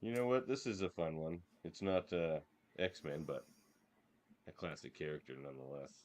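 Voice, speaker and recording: A man's voice: a bass voice, normal speed. A man co-hosting a casual podcast, reading out categories and teasing his co-host with confidence. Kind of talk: casual chat.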